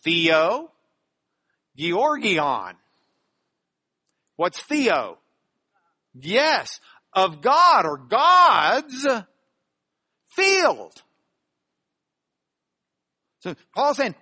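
A middle-aged man from Texas, teaching a Bible study with emphatic, animated delivery. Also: sits high, very slow, long pauses.

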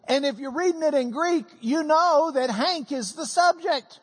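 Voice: sits high, normal speed, hardly any pauses, in a large hall. A preacher giving a folksy, joking Bible-teaching sermon to a congregation.

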